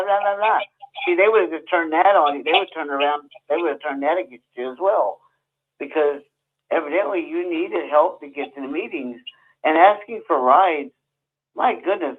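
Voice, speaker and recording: A man hosts a call-in show, talking sympathetically and with emphasis as he answers a caller. His voice sounds narrow and phone-like. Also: on the high side. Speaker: host.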